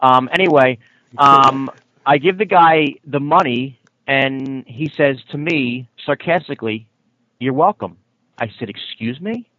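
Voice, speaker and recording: A man's voice: mid-range voice, a little slow, pushed and bright, no echo, muffled recording. A man co-hosting a casual chat, insisting on his point and lecturing. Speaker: podcast co-host.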